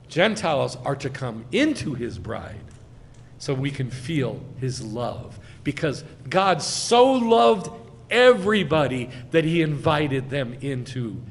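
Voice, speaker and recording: A rabbi delivers a slow, deliberate sermon in a somewhat high voice, pressing hard on his key words. His voice carries a long hall reverb, with a faint hiss underneath. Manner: emphatic, swelling loud on key phrases. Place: congregation sanctuary.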